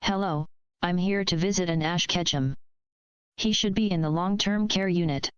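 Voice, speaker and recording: A woman reading aloud, voicing a young woman gym leader who is tense and short-tempered, speaking quietly with clipped edges. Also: fairly low pitch, normal speed, clear, resonant tone, dry recording, lo-fi sound, lightly acted. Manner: quiet then clipped and hissing.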